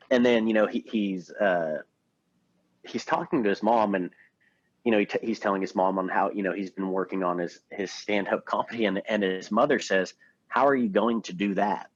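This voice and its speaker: Deep-voiced man, dry and dull sound. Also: moderate pace, dry recording. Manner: loose and meandering, many fillers. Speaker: podcast co-host. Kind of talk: casual film discussion. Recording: dull, lo-fi podcast audio.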